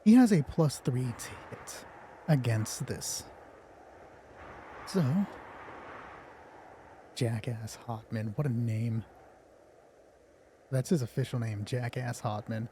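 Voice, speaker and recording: A man's voice: mid-range voice, takes it slowly, long pauses, mellow, a little hiss or hum. Jokey, nervous male game master. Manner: joking, self-mocking and chatty. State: a little nervous. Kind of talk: narrating a tabletop game on a live stream. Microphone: headphones on, streaming from home.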